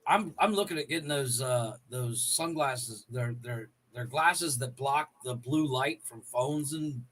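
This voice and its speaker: A man's voice: medium pitch, a little slow, a bit bright, rough recording. A man co-hosting a podcast in casual chat, ribbing the others and swearing freely. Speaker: podcast co-host.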